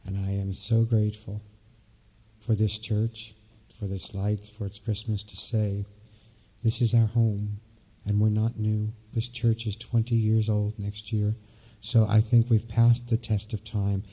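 A man, the minister of a church, preaching a reflective, unhurried sermon in a soft-spoken way. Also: lowish voice, level tone, husky. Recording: dull lo-fi recording.

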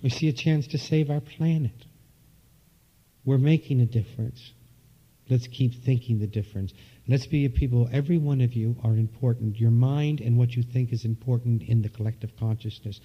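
A man, the minister of a church, preaching a reflective, unhurried sermon in a soft-spoken way. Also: medium pitch, slightly rough. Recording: dull lo-fi recording.

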